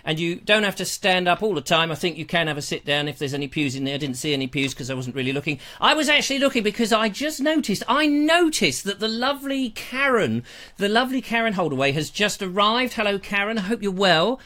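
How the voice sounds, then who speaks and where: A man's voice: high voice, lively intonation, fast talker, pushed and bright. Playful, theatrical man host. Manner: playful, theatrical, repeats phrases, teasing asides. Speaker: host of a live online show. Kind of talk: rambling live-stream chat.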